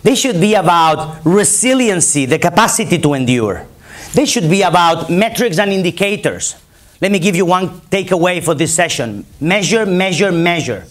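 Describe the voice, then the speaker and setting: A man from Barcelona, Spain, speaking with a Spanish accent, delivers an emphatic keynote in a conference hall, rallying the audience through repetition. His voice is high, with lively intonation and a moderate pace.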